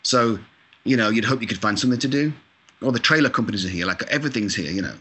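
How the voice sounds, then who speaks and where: A man from Scotland talks in a fast, bright, slightly low voice. He chats casually as an interview guest, self-deprecating, with mild swearing. His speech is loose and full of fillers. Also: expressive, slightly rough. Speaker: video game composer, guest. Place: lives in California.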